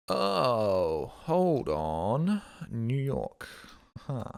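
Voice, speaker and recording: Man streaming a game, lowish voice, slow, swears and thinks aloud. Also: a little mellow, clean tone. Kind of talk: casual gaming commentary.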